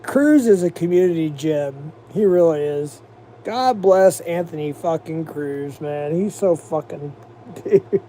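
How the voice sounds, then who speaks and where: Mellow-voiced profane livestream host. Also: male voice, on the high side, slow pace, a little hiss or hum. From United States. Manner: profane, rambling, mocking. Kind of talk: casual livestream rant.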